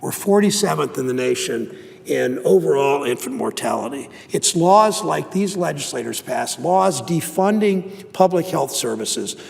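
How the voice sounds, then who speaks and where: Gravelly-voiced man giving an emphatic floor speech. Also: fairly high pitch, a little mellow. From Ohio. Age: 60s. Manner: emphatic, building repeated phrases. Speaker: senator. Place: legislative chamber. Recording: long reverb of a large chamber.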